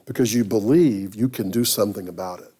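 A man preaching a sermon, telling a story in a conversational, halting way with frequent restarts. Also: on the low side, dark tone, breathy edge. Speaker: pastor.

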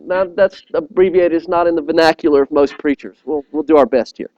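A man's voice: fairly high pitch, brisk, darkish tone, dry recording, dull audio. A man preaching a sermon, telling stories with animation and often repeating words as he appeals directly to his listeners.

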